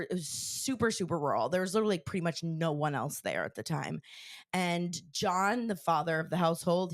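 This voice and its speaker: A young woman co-hosting a podcast, telling a story in a casual, excitable way with lots of filler words. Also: fairly low pitch, dry recording, clean studio sound. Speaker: podcast co-host.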